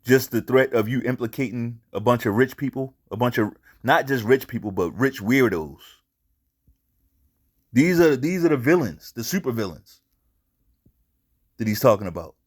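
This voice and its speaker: A man's voice: medium pitch, lively intonation, moderate pace, long pauses. A man hosting a casual commentary show, speaking bluntly and profanely and repeating himself for emphasis. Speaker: commentary channel host.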